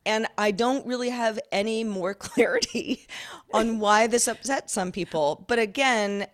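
A woman co-hosting a podcast, telling a story in casual chat and acting out the quotes in a higher voice. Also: a little slow. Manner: animated, acts out quotes in a higher voice. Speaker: podcast co-host.

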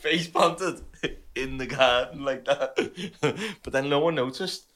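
A young man chatting casually on a podcast, laughing between quick remarks. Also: medium pitch, noisy background. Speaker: podcast co-host. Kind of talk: casual chat.

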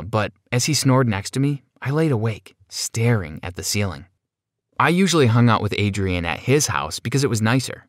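A man with a lowish voice tells a first-person story in a steady, plain way. The sound is dry and close, with no room around it. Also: dry recording. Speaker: narrator.

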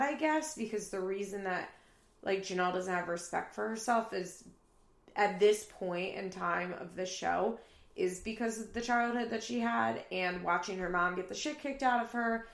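A woman's voice: mid-range voice, vocal fry, a bit bright, reverberant. A woman recapping a reality TV episode in casual chat, laughing often and acting out what people said. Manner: chatty, laughing, acts out quotes. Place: apartment room.

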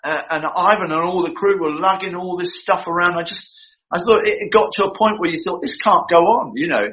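A man in the middle of a long story, his voice somewhat high and very bright. He acts out the dialogue of the people in it, and the telling stays lively. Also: fairly quick, rough recording. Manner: animated, acts out quoted dialogue. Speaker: guest recalling a film shoot. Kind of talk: anecdotal storytelling.

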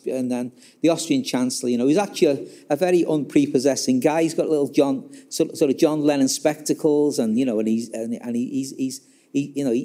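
A man talks through a historical episode from his book in a casual, story-telling way. His voice is mellow and of middling pitch. He keeps breaking into the quoted dialogue and restarting his sentences. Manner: many fillers and restarts. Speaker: author discussing his book. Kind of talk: casual spoken history talk.

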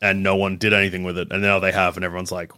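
A man's voice: deep voice, monotone, rapid-fire, pushed and bright, no room sound. A man hosting a casual chat about games, with a dry, wry manner.

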